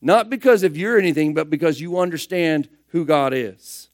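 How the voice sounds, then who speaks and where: A man preaching a sermon, firing rhetorical questions and swinging between loud emphatic bursts and hushed asides. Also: fairly high pitch, normal speed, no room sound, clean studio sound.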